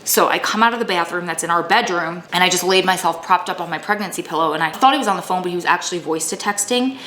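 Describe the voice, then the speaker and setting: Candid woman vlogger, low voice, echoey room. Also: quick pace, pushed and bright, slight background noise. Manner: emotional, tearful at times, candid. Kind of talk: personal storytelling vlog. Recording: echoey room, faint ambience.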